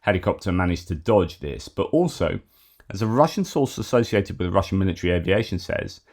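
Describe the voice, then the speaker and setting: A man's voice: deep voice, animated, brisk, darkish tone. A man delivers solo news commentary. His talk is conversational, with frequent fillers and self-corrections. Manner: conversational, many fillers and restarts.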